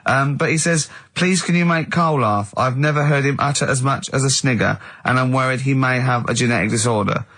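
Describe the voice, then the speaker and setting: A man's voice: medium pitch, brisk, few pauses, fairly bright tone, dry recording. A man hosting a radio show in a studio, bantering casually and teasing his co-hosts, often breaking into laughter. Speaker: radio host. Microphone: studio microphone.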